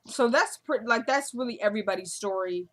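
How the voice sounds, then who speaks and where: A woman's voice: on the high side, fairly quick, slight background noise. A young woman, chatting casually as she recaps a TV episode and retells the dialogue. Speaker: recap vlogger.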